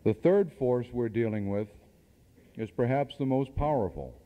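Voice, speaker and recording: A man's voice: mid-range voice, moderate pace. Man giving a seminar talk on cassette. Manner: rhetorical questions and dry asides. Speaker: seminar speaker. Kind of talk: speech to an audience. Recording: dull archival cassette tape in a hall.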